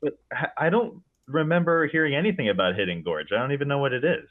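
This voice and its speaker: Male podcast guest, relaxed and lively, heard over a tinny call-in line. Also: mid-range voice, fast. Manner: lively, easygoing, laughs along. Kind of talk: casual chat.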